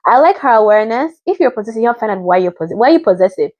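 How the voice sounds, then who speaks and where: A woman's voice: on the high side, lively intonation, racing, a little mellow, dry recording. A woman from Africa in a rambling, chatty review of a reality show, often mimicking what others said. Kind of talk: casual chat.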